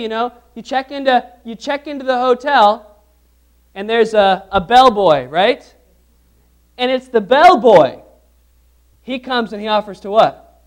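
A man preaching a sermon as pastor, asking the congregation questions and repeating phrases for emphasis. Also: extremely high pitch.

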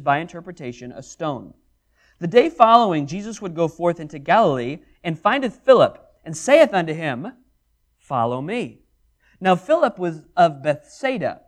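High-voiced preacher teaching scripture. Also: male voice. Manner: animated, acts out scripture dialogue. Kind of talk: sermon Bible study.

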